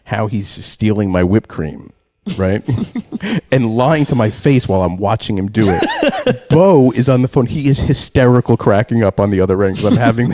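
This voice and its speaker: A man in his forties, a podcast co-host, telling a story in casual chat, swearing often and acting out his own yelling. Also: fairly low pitch, huge pitch swings, moderate pace, no room sound, studio quality.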